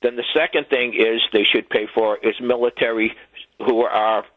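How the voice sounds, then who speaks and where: A male radio caller heard over a narrow, tinny phone line with a dry sound. He speaks in a plain, earnest, steady way at a mid pitch. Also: moderate pace, no room sound. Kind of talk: call-in phone comment.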